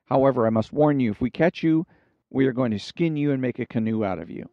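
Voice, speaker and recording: A man voicing a commanding male tribal chief in a spoken joke, with loud, emphatic proclamations. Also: medium pitch, fast talker, no room sound, natural voice. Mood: stern. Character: commanding male cannibal chief, stern then baffled. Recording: dull, dry recording.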